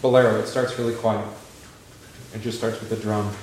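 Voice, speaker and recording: A man teaching an informal Bible class in a classroom, rambling a little and putting questions to his students, and growing animated when he quotes scripture. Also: fairly low pitch, moderate pace, reverberant, a little hiss or hum.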